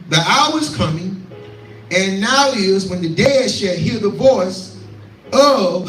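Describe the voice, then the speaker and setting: High-pitched preacher in an echoey room. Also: male voice, a bit bright, far from the mic. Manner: call-and-response preaching, repeats lines, quotes scripture. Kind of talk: scripture teaching sermon.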